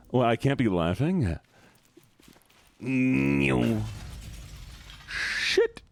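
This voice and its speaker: A male streamer giving excitable, casual commentary on a game, swearing and laughing as he goes. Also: sits low.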